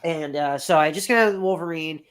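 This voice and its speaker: A man's voice: fairly high pitch, fast talker, clear, resonant tone. A man in his thirties telling a long personal story as a podcast guest, rambling and swearing freely. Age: 30s. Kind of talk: casual storytelling.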